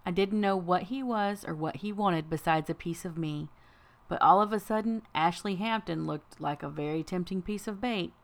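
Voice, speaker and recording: A woman's voice: lowish voice, moderate pace. A woman reading a first-person fantasy audiobook with a dry, wry delivery. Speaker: audiobook narrator.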